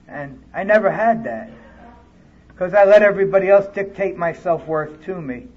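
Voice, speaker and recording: High-voiced man telling his recovery story. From California. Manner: earnest, candid storytelling with plain speech. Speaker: recovery speaker. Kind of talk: personal recovery talk. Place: conference hall, live audience. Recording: dull lo-fi tape recording.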